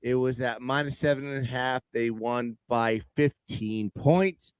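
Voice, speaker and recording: A man co-hosting a live sports betting stream, joking crudely and breaking into excited outbursts. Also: mid-range voice, a little slow, clear, resonant tone. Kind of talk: casual banter on a live stream.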